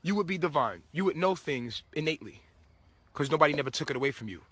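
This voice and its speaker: A man's voice: a little high, animated, quick pace, a bit bright, slightly rough, no echo. A man giving a casual spiritual monologue to his viewers, preachy and swearing freely, often breaking into laughter. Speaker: spiritual vlogger.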